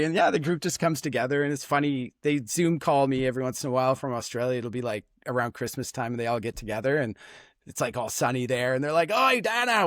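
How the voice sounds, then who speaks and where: A man's voice: on the high side, no room sound, studio quality. A man from Canada, a former tour leader, telling travel stories in a casual interview with lots of fillers. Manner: animated, chatty, lots of fillers.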